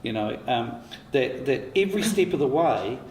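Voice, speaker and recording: A man's voice: medium pitch, expressive, normal speed, darkish tone. A man, a writer on a panel, telling candid anecdotes with frequent laughter, swearing and restarts. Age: 50s. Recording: echoey hall with faint noise.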